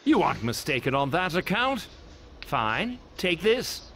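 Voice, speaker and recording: An actor voicing an aloof, grumpy older village wizard in a video game, dry and condescending. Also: male voice, fairly high pitch, sing-song, measured pace, bright, forceful tone, slight background noise, exaggerated voice. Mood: disdainful.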